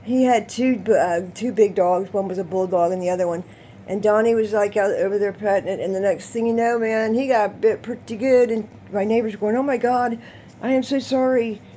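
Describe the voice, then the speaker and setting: A woman vlogging, telling a rambling, animated story and laughing often as she talks. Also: mid-range voice, fairly quick, slight background noise. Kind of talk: casual storytelling to camera.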